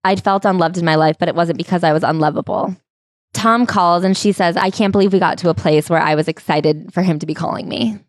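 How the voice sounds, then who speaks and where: A woman's voice: lowish voice, steady tone, brisk, no room sound. A woman co-hosting a comedic podcast, reading from a memoir and adding dry, sarcastic asides. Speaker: podcast co-host. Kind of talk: comedic book recap chat.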